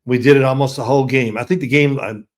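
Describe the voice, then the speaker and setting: An older man, a guest on an interview show, telling animated stories and laughing as he goes. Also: mid-range voice, fast. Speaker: guest, former quarterback. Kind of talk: storytelling in an interview.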